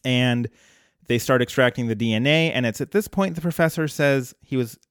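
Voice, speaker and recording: A man hosting a podcast, casually retelling a cartoon episode at length in a relaxed storytelling manner. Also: medium pitch, normal speed, clear, resonant tone, no room sound, clean studio sound. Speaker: podcast host.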